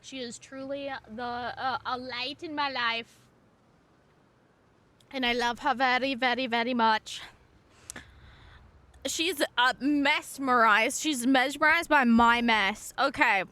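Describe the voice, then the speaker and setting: A woman's voice: high-pitched, fairly even intonation, takes it slowly, pauses often, pushed and bright. A woman streamer chatting casually and playfully, gushing about her dog and swearing now and then. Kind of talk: casual live-stream chat.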